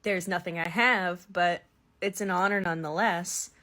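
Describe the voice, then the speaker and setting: A woman's voice: on the low side, steady tone, normal speed, pushed and bright. A young woman, ranting comedically to her phone camera in a brash, profane, riffing way. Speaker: TikTok comedian. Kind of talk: casual comedic rant to camera.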